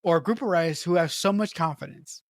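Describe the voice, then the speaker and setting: A woman's voice: fairly low pitch, fast talker, dry recording, studio quality. A woman co-hosting a movie podcast, talking about a comedy film in an enthusiastic, emphatic casual way. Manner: enthusiastic, emphatic, restarts phrases. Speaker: podcast co-host.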